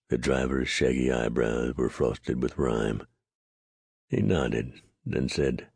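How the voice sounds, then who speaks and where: A man narrating an audiobook in a steady, measured storytelling voice. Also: very deep voice, gravelly, breathy edge, dry recording. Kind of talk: scripted narration.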